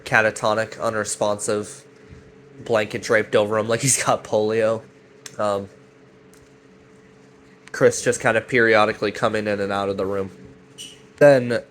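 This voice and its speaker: A man's voice: on the low side, fairly bright tone, a little hiss or hum. Brief: man, casual rambling recap, loose and profane, voices quotes now and then. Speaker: commentator recapping a web series.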